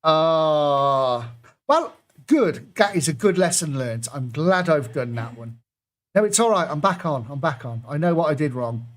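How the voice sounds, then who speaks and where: A man hosts a pub quiz over a computer microphone, his voice sitting a little high for a man. He reads the clues in a chatty, self-mocking way and keeps laughing at his own fumbles. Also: very animated, unhurried. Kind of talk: online quiz hosting, reading clues aloud.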